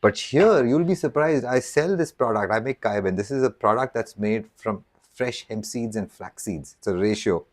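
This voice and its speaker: A man's voice: on the low side, expressive, moderate pace. Rambling man chatting on a live stream. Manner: rambling, self-interrupting, jokey. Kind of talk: casual live chat while cooking.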